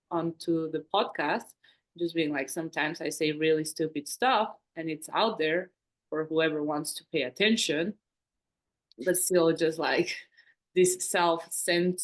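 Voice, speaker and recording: A woman co-hosts a casual, conversational podcast, speaking in a deep voice at a slightly slow pace. Her talk is reflective and rambling, full of fillers.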